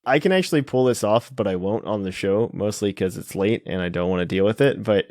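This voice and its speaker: A man hosting a casual podcast, introducing segments in a relaxed, chatty way with frequent fillers. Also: lowish voice, fairly quick, no echo, studio quality. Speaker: podcast host.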